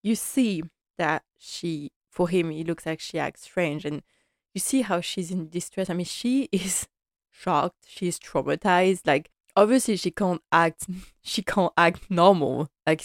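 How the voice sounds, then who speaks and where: A woman's voice: lowish voice, dry recording, clean studio sound. A woman giving a casual, impassioned and rambling recap of a TV episode.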